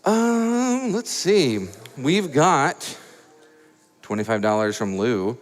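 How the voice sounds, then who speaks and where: A man from Atlanta hosting a live charity gaming event, reading donations with playful, high-energy hype and jokes. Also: very animated, slow pace, soft background music. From Atlanta, USA. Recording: echoey event hall.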